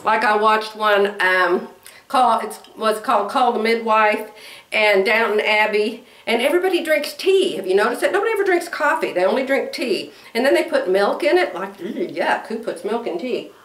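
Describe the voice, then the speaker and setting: A woman in her sixties talks casually to her viewers, wandering from one thought to the next with frequent laughs. Her voice sits a little high. The room around her is noticeably echoey. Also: animated, moderate pace, fairly bright tone. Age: 60s. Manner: chatty, rambling, laughs often. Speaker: vlogger. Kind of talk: casual chat to camera.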